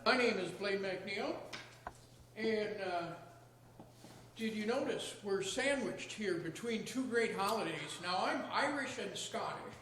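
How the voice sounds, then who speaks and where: A man's voice: high voice, lively intonation, takes it slowly, a bit bright, slight background noise. A man performing a chatty stand-up comedy routine with joking asides to the audience at an open mic night. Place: small arts venue, open mic stage. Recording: echoey room.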